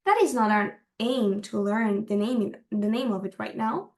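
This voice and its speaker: A woman's voice: medium pitch, measured pace. A woman teaching a language lesson, explaining carefully and repeating words for practice.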